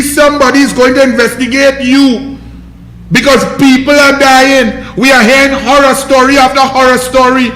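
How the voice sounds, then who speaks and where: A man's voice: extremely high pitch, pushed and bright, roomy sound. A man with a Trinidadian accent giving a scornful, mocking political rant, hammering his points with emphasis. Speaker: political commentator. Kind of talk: ranting political commentary.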